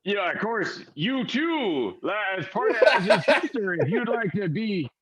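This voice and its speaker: A man's voice: high-pitched, very animated, moderate pace, fairly bright tone, slight background noise, voice pushed up. A man voicing a friendly, rambling ship that is crewed by many dead souls. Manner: chummy, rambling, sailor-ish. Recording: dull lo-fi audio.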